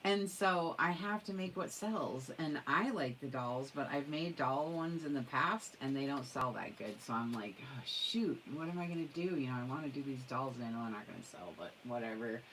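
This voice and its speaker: A woman showing her craft supplies in a casual, gushing, excitable way, chatting to viewers. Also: rumbling low, normal speed, few pauses, a little hiss or hum, poor audio. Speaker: craft vlogger. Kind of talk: casual craft show-and-tell.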